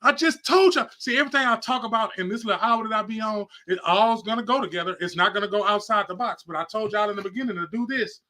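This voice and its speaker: A man's voice: high-pitched, quick pace, few pauses, bright, forceful tone. A man hosting a podcast, preaching casually straight to his viewers, rambling and repeating himself, on a phone held close. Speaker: podcast host.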